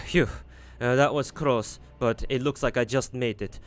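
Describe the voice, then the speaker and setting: Campy flamboyant man voiced by a man in a shaky mock Italian accent, medium pitch, soft music behind. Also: measured pace, lightly acted. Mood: teasing. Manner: put-on Italian accent that drifts toward Russian. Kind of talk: reading game dialogue with voices.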